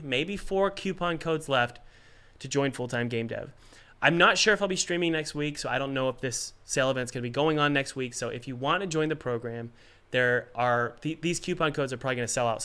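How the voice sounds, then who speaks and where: A man with a bright, forward voice hosts a casual live stream. He has a cold and coughs between his sentences. He talks with energy, rambles, and throws in jokes as he gives advice. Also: medium pitch, clean tone. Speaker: game developer hosting a live Q&A stream.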